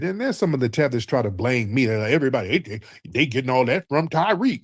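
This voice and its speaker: A man hosts a call-in talk show in a loose, conversational commentary style. His voice sits at an ordinary middle pitch and sounds dry and close, with no room around it. He speaks emphatically and often pushes higher when he gets worked up. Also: fast, few pauses, no room sound. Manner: emphatic, animated, rising in pitch when indignant. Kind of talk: casual livestream commentary.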